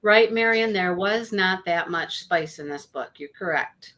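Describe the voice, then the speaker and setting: A woman's voice: on the low side, unhurried, fairly bright tone. A woman hosting a live book discussion, chatty and greeting viewers by name. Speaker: book club host. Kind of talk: casual live-stream chat.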